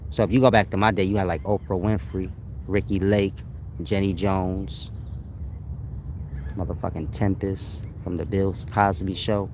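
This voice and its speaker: A man's voice: low-pitched, a little mellow, slight background noise. A man in a rambling, profane, slangy casual comedic rant to his viewers. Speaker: vlogger.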